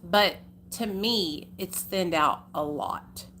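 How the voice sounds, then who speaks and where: A woman's voice: on the low side, takes it slowly, a bit bright, slight background noise. Chatty Arkansas country woman. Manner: chatty, folksy, calls viewers honey and y'all. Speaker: livestream host. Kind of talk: casual livestream chat with viewers.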